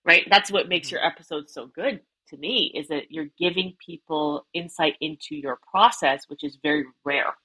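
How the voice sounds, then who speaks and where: A woman psychotherapist talking in a casual interview, animated, often ending points with a questioning "right?". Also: low-pitched, normal speed, few pauses, husky, rough recording. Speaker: psychotherapist guest.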